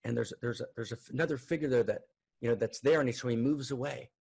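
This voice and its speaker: Gravelly husky male storyteller. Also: mid-range voice, fast. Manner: animated, frequent "right?" tags. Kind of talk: oral folk tale telling.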